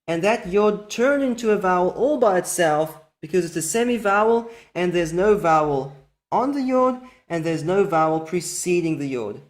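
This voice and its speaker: A teacher giving a methodical recorded lesson, slowing down to spell out each example word carefully. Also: mid-range voice, animated.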